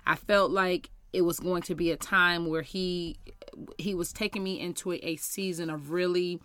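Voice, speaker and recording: A woman's voice: on the low side, fairly even intonation, moderate pace, a bit bright, clear, resonant tone, no room sound. A woman hosting a faith podcast, talking earnestly and conversationally about prayer and rest, with scripture quotes. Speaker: podcast host and minister. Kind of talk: devotional podcast talk with scripture reading.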